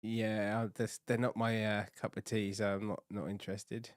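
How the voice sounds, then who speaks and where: A man's voice: fairly low pitch, level tone, moderate pace, no room sound, studio quality. A man co-hosting a casual podcast in a laid-back, easygoing way. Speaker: podcast co-host.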